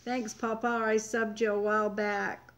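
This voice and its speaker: Slow-talking older woman, chatty host. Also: mid-range voice, little pitch movement, fairly bright tone. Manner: chatty, reads viewer comments aloud. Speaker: homestead channel host. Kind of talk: casual live-stream chat.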